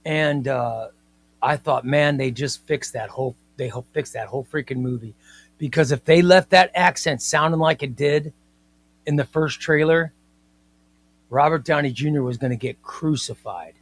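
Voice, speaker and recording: A man's voice: medium pitch, moderate pace. A man hosting a casual comics livestream, talking emphatically, repeating his points and reading viewer comments aloud.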